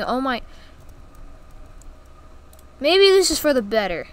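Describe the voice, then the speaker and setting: A woman talks over her gameplay in a casual, giggly way, with a high voice and an unhurried pace. She teases the game's characters and exclaims as she plays. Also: big pitch swings, a bit bright. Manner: giggly and teasing, full of exclamations. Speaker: gaming YouTuber.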